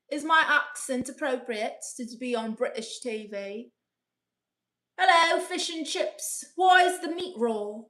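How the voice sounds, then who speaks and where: A woman's voice: on the high side, bright, forceful tone. A woman comedian hosting a casual live stream as a brash aunt, reading viewer comments and giving blunt, teasing advice. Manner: blunt, teasing, playfully sassy.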